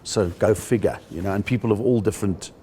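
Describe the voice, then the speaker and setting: A middle-aged South African man, a stand-up comedian, telling stories in an interview and jumping into high voices for the punchlines. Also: fairly quick, breathy edge. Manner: animated storyteller, jumps into high-pitched voices for jokes. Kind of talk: interview with comic anecdotes.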